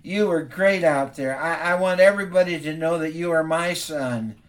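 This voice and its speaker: Male preacher playing a gentle father, earnest and a little halting. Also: a little high, close to an everyday voice. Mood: tender. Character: tender, proud father comforting his son.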